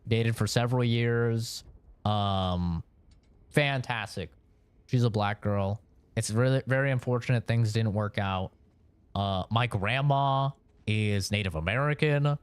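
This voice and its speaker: A man's voice: fairly low pitch, unhurried, smooth, dry recording. A young man from Oregon, chatting casually with his stream chat in a rambling, profane way, laughing between points.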